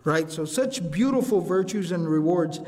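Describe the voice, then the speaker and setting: A man giving a lively, conversational sermon in a mosque, mixing in recited Arabic quotations. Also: high voice, moderate pace, in a large hall. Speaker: imam.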